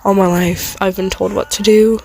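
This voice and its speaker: A guarded young man with a sharp, sardonic tongue, as a woman reads him aloud. His lines come quiet and clipped, with a gravelly edge. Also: mid-range voice, level tone, normal speed, close to an everyday voice. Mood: bitter. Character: young male rival, guarded and defensive.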